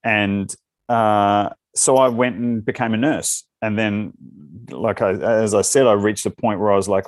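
A man with a fairly low voice and an Australian accent chats easily in an interview. His answers ramble and loop back on themselves. The sound is close and dry, with no room around it. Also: fairly even intonation, unhurried, no echo. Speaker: actor guest. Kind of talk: casual interview chat.

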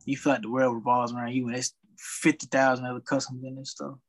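Young guy ranting about retail customers, husky voice, mid pitch, fired up. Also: fast talker, rough recording. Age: young adult. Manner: animated venting storyteller. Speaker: retail worker. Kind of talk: casual chat.

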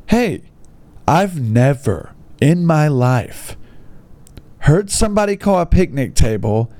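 A man's voice: medium pitch, huge pitch swings, takes it slowly, mellow. A man reading online posts aloud and mocking them in an exasperated, sarcastic comedic rant. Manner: exasperated, mocking, mild bleeped-style cursing.

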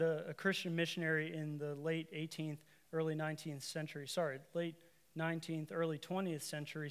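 A man's voice: fairly high pitch, a bit bright. A man preaching a sermon in a conversational way, making asides to the congregation and correcting himself, then pressing points with emphatic repeated lines.

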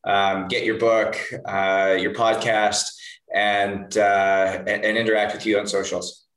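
A male host asking questions in a measured way, with hesitant fillers. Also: on the low side, level tone, a bit bright. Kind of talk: interview questions. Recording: roomy echo.

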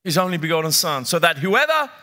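A man's voice: on the high side, big pitch swings, fast talker, bright, forceful tone. A middle-aged man preaching a sermon as pastor, emphatic, repeating key phrases and putting questions to his congregation. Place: church.

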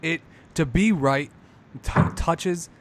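A man in casual podcast chat, talking emphatically with lots of swearing and getting loud as he makes his points. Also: fairly high pitch, takes it slowly, a little hiss or hum. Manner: emphatic, profane, builds into loud rants.

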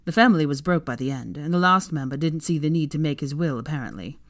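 A woman's voice: deep voice, animated, fast, no room sound, studio quality. Theo, a woman doing a teasing young wizard. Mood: wry. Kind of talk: audiobook fan-fiction reading.

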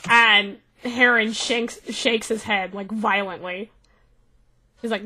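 A woman's voice: fairly high pitch, fairly even intonation, takes it slowly, sharp tone. A woman narrating as game master of a tabletop game, in a loose way with many fillers.

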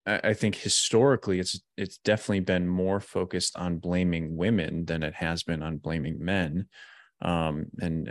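A man's voice: low voice, no room sound, clean studio sound. A man hosting a podcast, talking in a thoughtful, reflective way. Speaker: podcast host. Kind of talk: casual interview chat.

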